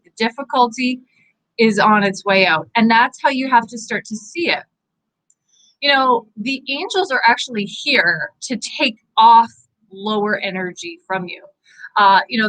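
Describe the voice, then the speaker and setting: A woman's voice: on the high side, poor audio. Earnest encouraging woman medium. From Canada. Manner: earnest, encouraging, uses many fillers; animated, gestures with her hands. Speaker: psychic medium hosting live angel readings. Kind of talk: inspirational talk to viewers.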